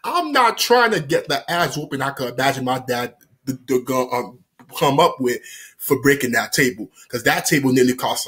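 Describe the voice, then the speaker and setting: A man vlogger telling a story in a casual, slangy, animated way. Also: mid-range voice.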